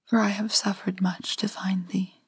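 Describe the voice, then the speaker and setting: A woman's voice: medium pitch, level tone, moderate pace, breathy edge, dry recording. A woman voicing a grieving beggar mother in a whispered role-play from a storybook fairytale, pleading in old-fashioned speech.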